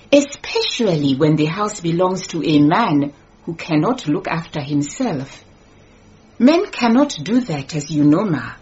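A woman's voice: lowish voice, muffled recording, exaggerated voice. A shrewd, self-assured lady. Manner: calm, pointed and polite. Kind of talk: radio drama acting.

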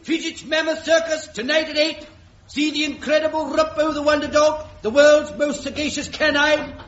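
A man's voice: very high voice, level tone, moderate pace, fairly bright tone. A man voicing a showy circus barker who calls out to crowds, in a radio comedy. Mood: hawking. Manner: showy, bellowing announcer. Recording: roomy, dull old radio recording.

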